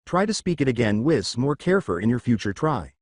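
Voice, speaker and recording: A man doing a loud teacher in broken English. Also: medium pitch, sing-song, fairly quick, no echo, studio quality. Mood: boisterous.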